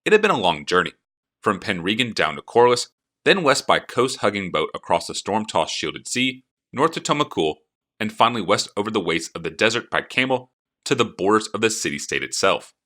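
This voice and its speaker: A man reading an audiobook with expressive, animated storytelling. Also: on the low side, brisk. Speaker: narrator.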